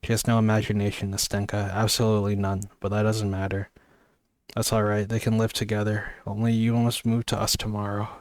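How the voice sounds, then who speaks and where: Sleepy low-voiced man reading aloud. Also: completely flat delivery, a little fast, no echo, studio quality. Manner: stumbles and apologizes mid-reading. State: sleepy, yawning. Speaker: amateur reader. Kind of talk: casual audiobook reading.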